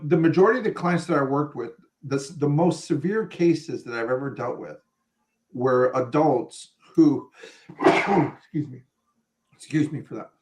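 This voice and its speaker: A man in casual chat, reflective, explaining psychology and slowing down for emphasis. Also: mid-range voice, darkish tone. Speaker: podcast co-host, former counselor.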